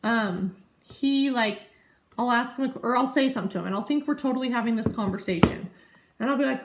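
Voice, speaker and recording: A woman's voice: a little high, animated, brisk. A woman in her thirties chatting casually to camera as a vlogger, rambling and easily sidetracked. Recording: echoey room.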